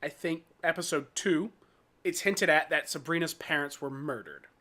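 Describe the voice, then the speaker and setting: A man's voice: on the high side, sharp tone. A man co-hosting a casual podcast, recapping a TV episode and acting out bits of dialogue. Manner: recaps scenes with quick acted-out quotes. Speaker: podcast co-host.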